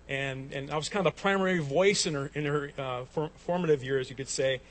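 A pastor preaches a sermon. His voice sits a little high for a man, and he tells stories with many restarts before rising to emphatic peaks. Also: a little fast. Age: 40s.

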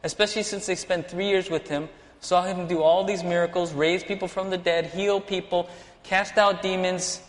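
A man with a somewhat high voice delivers a sermon, animated and acting out the dialogue of the people he describes. His voice rings with the long reverb of a church hall. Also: normal speed. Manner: animated preaching, acts out dialogue. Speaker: pastor.

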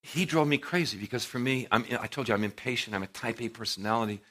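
A middle-aged man preaching a sermon to a live audience, telling stories with animated swings in volume and acting out what people said. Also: mid-range voice, fast talker. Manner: animated storytelling, acting out quotes with big swings in loudness.

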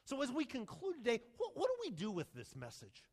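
High, animated man preaching in a hall. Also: a little fast. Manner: animated storytelling with rhetorical questions. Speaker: pastor. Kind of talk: sermon. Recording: long hall reverb.

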